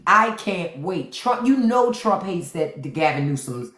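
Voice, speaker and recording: A woman hosts a livestream with sassy, playful comic commentary and repeats her punchlines. Her voice sits on the low side. A roomy echo surrounds her speech, and she reacts quickly to what she sees. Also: big pitch swings, a bit bright. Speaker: livestream host. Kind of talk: casual comedic commentary. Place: indoors, phone livestream.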